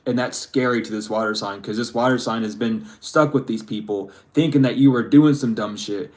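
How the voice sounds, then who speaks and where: A man's voice: mid-range voice, normal speed. A man giving a spiritual reading to his viewers, ranting emphatically and swearing freely. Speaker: tarot reader.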